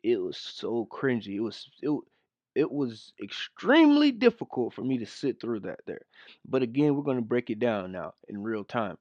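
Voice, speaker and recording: A man's voice: mid-range voice, big pitch swings, normal speed, darkish tone, no room sound, dull audio. A man giving scornful reaction commentary on a video clip, mocking what he plays. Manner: scornful, mocking, mimics voices. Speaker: commentary host.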